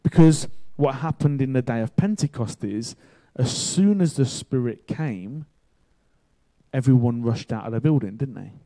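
A man giving a sermon as a story told to his congregation. His voice is mellow and dark-toned, at a middle pitch for a man. He talks in a loose, chatty way, with excitable bursts in the story. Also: moderate pace. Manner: casual and chatty, excitable when telling the story. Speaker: pastor.

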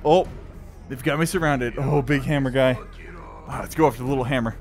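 A young man giving excitable, playful commentary while playing a virtual reality game, talking to the enemies as he fights them. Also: mid-range voice, moderate pace, faint music behind. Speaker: gaming YouTuber.

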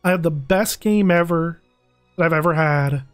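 A young man streaming a video game, talking casually and excitably, pleading with the game and groaning dramatically over a loss. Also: fairly high pitch, moderate pace, dry recording, soft background music. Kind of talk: casual live-stream commentary.

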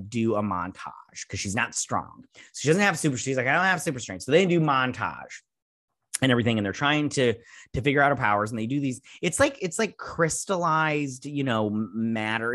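A man talks through a TV episode in a loose, rambling recap, blunt and quick to swear. His voice sits at an ordinary pitch and is recorded dry, with no room echo. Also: fairly bright tone. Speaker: show host reviewing a TV episode. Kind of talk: casual recap and review. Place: at home with a dog nearby.

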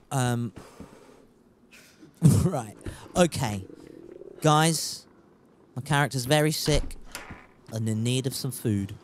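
A man's voice: medium pitch, slow, long pauses, slight background noise. A man streaming a survival game, chatting casually, joking, swearing and trying out put-on accents. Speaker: gaming streamer. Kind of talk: casual gameplay commentary.

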